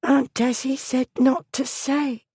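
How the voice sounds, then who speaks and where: A sickly young schoolgirl speaks in a high, hushed, urgent voice, as a woman narrator puts her on. The recording is dry and close. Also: flat delivery, slow, husky, dry recording, full character voice. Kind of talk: audiobook character voice.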